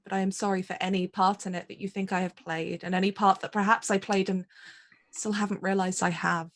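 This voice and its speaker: A woman's voice: mid-range voice, level tone, brisk, lightly acted. A woman voicing Mara, a grieving noblewoman who speaks earnestly and apologetically to her estranged younger sister, in a tabletop role-play. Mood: remorseful.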